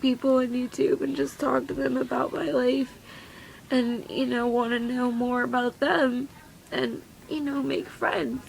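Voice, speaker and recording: Tearful teenage girl, gravelly voice. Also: high voice, flat delivery, a little hiss or hum, poor audio. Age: teens. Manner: emotional, voice breaking, halting. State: crying. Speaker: vlogger. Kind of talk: tearful confessional vlog.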